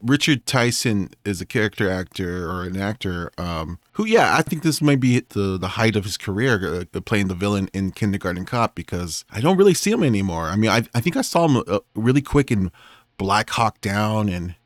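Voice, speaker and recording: A man talking movies on a podcast, breaking into laughter as he recalls favorite scenes. His voice sits on the low side, recorded dry and close with no room sound. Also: very animated, moderate pace, no echo. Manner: laughs often, quoting movie lines. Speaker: podcast co-host. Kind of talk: casual film chat.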